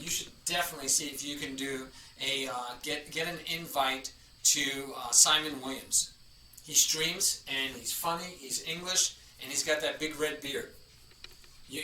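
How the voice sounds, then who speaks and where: A man's voice: fairly high pitch, bright, forceful tone, a little hiss or hum. A man streaming chess, chatting casually and rambling as he greets chatters by name. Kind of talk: casual live-stream chat. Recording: echoey room, from a distance.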